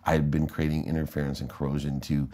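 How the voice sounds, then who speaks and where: Brief: middle-aged American male guest, low mellow voice, animated storyteller who acts out quotes. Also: quick pace. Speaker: interview guest, entrepreneur. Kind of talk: candid storytelling in conversation.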